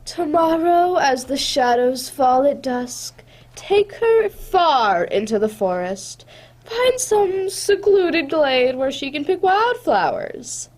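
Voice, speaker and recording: A woman's voice: sits high, animated, slow pace, darkish tone. A woman playing a jealous, cruel queen who gives menacing commands in a radio drama.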